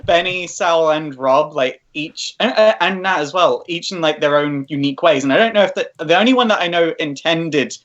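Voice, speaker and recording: A man's voice: fairly high pitch, moderate pace, hardly any pauses, a bit bright, highs cut off. A man, a podcast co-host, speaking earnestly and hesitantly in casual chat. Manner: earnest, hesitant, many fillers.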